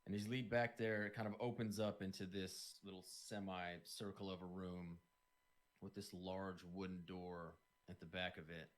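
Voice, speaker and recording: A man's voice: low-pitched, level tone, normal speed. A man narrating as game master in a tabletop game, describing scenes loosely with lots of "kind of" hedges.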